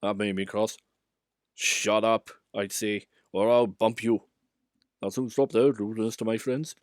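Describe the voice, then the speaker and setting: A man voicing a kindly old male narrow-gauge engine who tells of his railway in a fond, gently protective way. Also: lowish voice, steady tone, a little slow, dry recording, clean studio sound, lightly acted.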